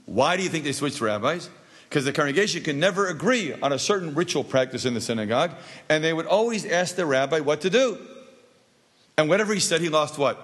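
A husky-voiced man teaches a class in a jokey, anecdotal way. He keeps tossing rhetorical questions to his listeners. His pitch sits a little higher than most men's. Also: animated, brisk, fairly bright tone. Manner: asks the audience rhetorical questions. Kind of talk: storytelling lesson.

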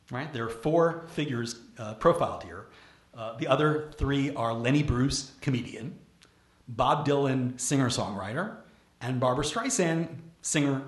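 A man from Brooklyn giving a public lecture, animated and full of restarts and questions to the audience. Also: on the high side. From Brooklyn, New York. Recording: echoey lecture room.

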